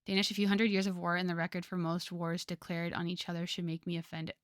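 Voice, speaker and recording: A woman's voice: fairly low pitch, little pitch movement, quick pace, no echo, studio quality. A young woman streamer chatting casually with her viewers, rambling with lots of fillers and frequent laughter.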